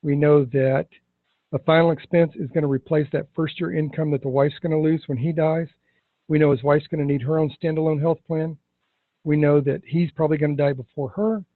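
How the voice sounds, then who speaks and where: A man teaching insurance agents in a sales training session, stressing key words and slowing down for effect. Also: a little high, steady tone, no echo, phone-quality sound. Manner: emphatic, slows down to stress words.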